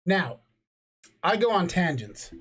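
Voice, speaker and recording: A man's voice: sits high, big pitch swings, takes it slowly, a bit bright, breathy edge. A man in his thirties from New Mexico hosting a podcast, tipsy from drinking and ranting in a loose, profane, jokey way. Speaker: podcast host. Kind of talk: casual chat.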